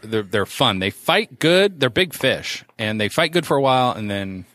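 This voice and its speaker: Podcast host man, lively pitch, rambling with fillers, dry close sound. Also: normal speed, dry recording. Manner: rambling, many fillers and restarts. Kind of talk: casual chat, reading news.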